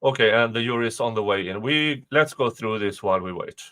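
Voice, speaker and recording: A man's voice: fairly low pitch, animated, fairly quick, pushed and bright, rough recording. A man giving casual livestream commentary, reading out a court motion with rambling, self-correcting asides and sarcastic remarks.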